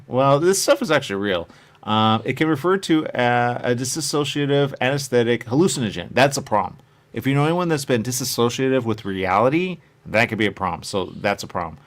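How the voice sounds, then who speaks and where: A man's voice: on the low side, expressive, moderate pace, fairly bright tone. Rambling chatty male host. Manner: meandering, chatty, acts out quoted voices. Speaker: show host. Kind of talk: rambling casual chat.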